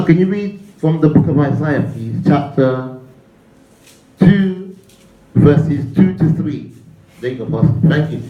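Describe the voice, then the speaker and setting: A man's voice: on the high side, dark tone, roomy sound, muffled recording. A male pastor preaching a sermon, leading the congregation in call-and-response and repeating his phrases.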